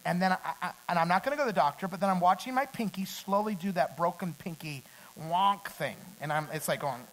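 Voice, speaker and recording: A middle-aged man preaching a sermon. He climbs to loud, emphatic peaks and then drops back to a quiet storytelling tone. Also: high voice, a little fast, low-quality recording.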